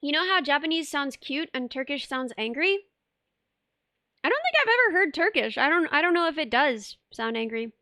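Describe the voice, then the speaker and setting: High-voiced young woman streamer chatting. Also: normal speed, dry recording, clean studio sound. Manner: rambling, animated, many restarts and "like". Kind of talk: casual live-stream chat reading viewer messages.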